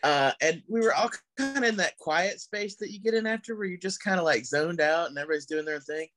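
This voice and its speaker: A male comedian guest telling an animated story in casual chat, swearing freely. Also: sits high, fast talker.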